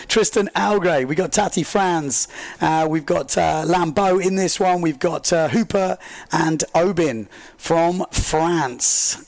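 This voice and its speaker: A man commentating a live race stream, excitable and chatty, joking at his own expense as he reads viewer comments. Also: a little high, vocal fry, no room sound. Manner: excitable, chatty, self-deprecating, rambling with fillers. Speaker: livestream sports commentator.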